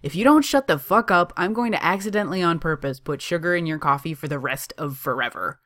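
A reader playing a cocky young coffee-shop owner who shouts and swears sarcastically. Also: mid-range voice, expressive, moderate pace, dry recording, studio quality, lightly acted. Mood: shouting.

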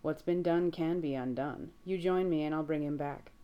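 A woman reading aloud voices a lazy, self-assured male demon in an audiobook, with a deep, rumbling, slow and mocking drawl. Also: muffled recording, lightly acted. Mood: taunting.

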